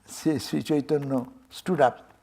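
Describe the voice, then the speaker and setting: An older swami with an Indian English accent gives a temple sermon, telling a devotional story and animatedly acting out its dialogue. He chuckles often. His voice is fairly high, gravelly, and breathy at the edges, and he speaks a little slowly.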